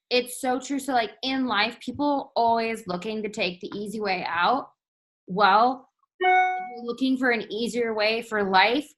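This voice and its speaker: Woman in her 20s, kinda high voice, soft and earnest, encouraging her team. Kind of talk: motivational team talk.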